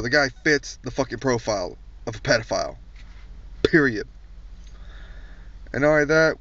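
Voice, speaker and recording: A man's voice: mid-range voice, fairly bright tone. A man doing a profane comedic rant, blunt, crude and mocking. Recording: distant dull recording.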